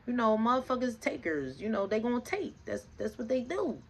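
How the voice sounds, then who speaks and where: A woman's voice: fairly high pitch, big pitch swings, a little fast. A woman giving a casual tarot reading to her viewers, talking emphatically, swearing freely, repeating herself and asking rhetorical questions. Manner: preaching, asks rhetorical questions. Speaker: tarot reader.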